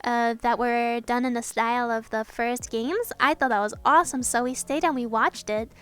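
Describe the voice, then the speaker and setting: High-voiced excitable young woman gushing. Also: normal speed, clean tone. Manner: excitable fangirl gushing, swears casually, laughs often. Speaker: artist narrating a speedpaint. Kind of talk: casual voiceover chat. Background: soft background music.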